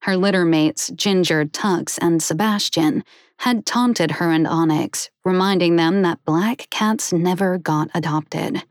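A woman narrating a children's animal story in a steady, even reading voice. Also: fairly low pitch, unhurried, no room sound, clean studio sound.

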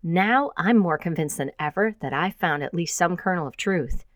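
A woman's voice: fairly low pitch, lively intonation, moderate pace, no room sound, studio quality, lightly acted. A woman voicing a wry, grumbling young female graduate student who hacks.

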